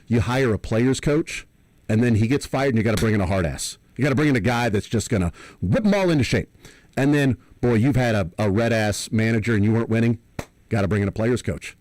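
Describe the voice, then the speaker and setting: A man's voice: medium pitch, a little mellow, no room sound. A man co-hosting a sports radio show, thinking aloud in long, rambling analogies. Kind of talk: casual sports talk. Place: radio studio.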